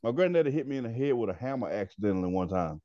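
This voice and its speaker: A man's voice: mid-range voice, big pitch swings, racing, warm tone, muffled recording. A man co-hosting a podcast, telling laid-back slangy stories in casual banter. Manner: laid-back storyteller, slangy, laughs often. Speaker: podcast co-host.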